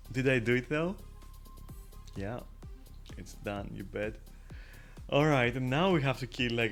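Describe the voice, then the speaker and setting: A gamer with a mid-range, slightly bright voice gives casual gameplay commentary, chatty and swearing offhandedly while often breaking into laughter. Faint game music plays behind him.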